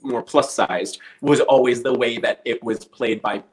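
A man's voice: mid-range voice, measured pace, rough recording. A man telling a story casually, acting out the voices of the people in it. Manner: animated storyteller acting out quotes.

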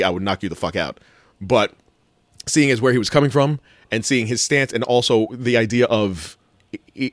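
A man talking in a rambling, animated way on a casual podcast, often restarting his sentences and swearing casually. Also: mid-range voice, dry recording, studio quality. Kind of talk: casual chat.

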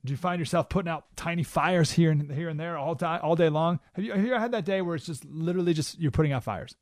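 Lively male talk radio host, dry studio. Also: fast talker, dry recording. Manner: animated storyteller, acts out quotes with jumps in pitch.

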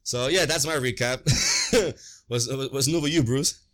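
A young man co-hosting a casual podcast chat, telling animated stories full of slang and cursing. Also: medium pitch, unhurried. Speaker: podcast co-host.

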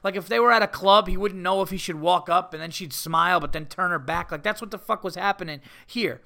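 Man, comedy podcast host, casual storytelling, swears a lot, animated, bright voice, a bit high pitch. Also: a little fast, creaky. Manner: profane, animated, rambling.

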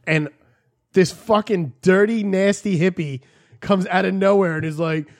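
A young man from New Jersey with a fairly high voice tells stories in a casual podcast chat. He swears constantly and tells it with lots of animation. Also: a little slow. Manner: profane, animated storyteller.

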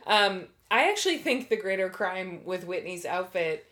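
A woman with a somewhat low-pitched voice talks through a TV episode with a friend. Her delivery is dry and blunt, with sarcastic asides in easy casual chat. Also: animated, moderate pace, fairly bright tone. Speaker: podcast co-host.

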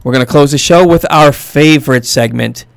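A man's voice: mid-range voice, normal speed, creaky, no room sound. A man hosting a sports podcast from a studio, casual and loose with frequent restarts. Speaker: podcast host.

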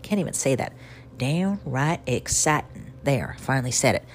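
A woman's voice: extremely low pitch, sing-song, quick pace. A woman with a Southern accent hosting a radio show, telling rambling stories in a chatty, self-mocking way. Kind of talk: casual storytelling monologue. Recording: music playing under the voice.

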